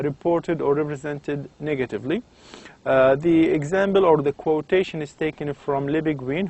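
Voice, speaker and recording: Hesitant lecturing man, slightly high voice. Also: a little mellow, dull audio. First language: Arabic. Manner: hesitant, many fillers and restarts. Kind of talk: university lecture.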